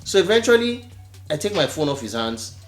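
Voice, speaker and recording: A man with a very lively voice that swoops high and low tells a story on a podcast. His delivery is animated and indignant, and faint music sits under the chat. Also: a little fast, reverberant. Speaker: podcast co-host.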